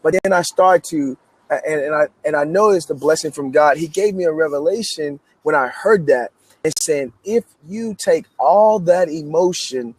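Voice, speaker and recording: Guest author, thirties man from Memphis, amped-up storyteller, slightly high voice. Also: normal speed. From Memphis, United States. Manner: energetic, repetitive restarts, emphatic. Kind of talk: animated storytelling interview.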